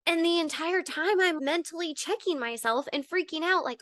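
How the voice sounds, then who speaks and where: A young woman with a bright, high voice co-hosts a podcast, speaking candidly about personal struggles. She tells her story openly, with animated asides. The sound is close and dry. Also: normal speed, no room sound. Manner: open, animated storytelling with laughs. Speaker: podcast co-host.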